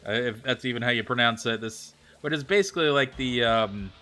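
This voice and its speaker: A man's voice: mid-range voice, a little fast, sharp tone. A man from the United States streaming a game live, chatting casually and answering his viewers' messages. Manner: chatty, thinks aloud, reads out and answers chat. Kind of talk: casual chat with viewers while gaming.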